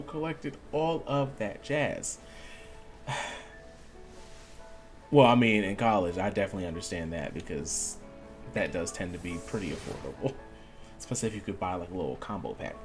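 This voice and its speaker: A man streaming a video game, chatting casually and acting out the voices of people in his story. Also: medium pitch. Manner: animated storyteller, acts out quoted voices. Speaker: gaming streamer. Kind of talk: casual storytelling while gaming.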